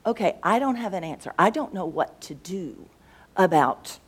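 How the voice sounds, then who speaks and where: A woman's voice: on the low side, sing-song, normal speed, breathy edge. A woman who teaches school, talking casually about faith and thinking aloud as she searches for words. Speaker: schoolteacher and co-host.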